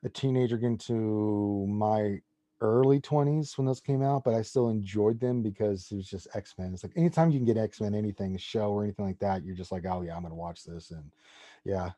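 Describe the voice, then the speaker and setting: Man in his forties, podcast guest, mellow tone, dry sound, rambling and enthusiastic. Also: lowish voice, moderate pace, dry recording. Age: 40s. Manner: enthusiastic comic-book fan, rambling. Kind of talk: casual chat.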